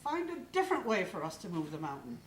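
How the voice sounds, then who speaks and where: A woman voicing an unhappy, insistent wife who talks in a high, bossy, urgent way. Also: sing-song, fast, slight background noise. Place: live stage in a hall. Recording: echoey hall from far off.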